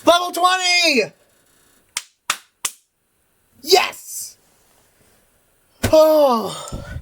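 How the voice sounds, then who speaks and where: Woman gamer, reaction video, wildly swinging pitch, slow, shouts now and then. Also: slight background noise. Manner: excitable, shrieking cheers and laughter. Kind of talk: game playthrough reaction.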